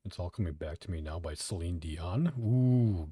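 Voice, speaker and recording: Low, mellow-voiced man chatting on stream. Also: lively intonation, moderate pace, hardly any pauses, husky, dry recording. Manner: profane, offhand, self-mocking. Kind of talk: casual live-stream chat.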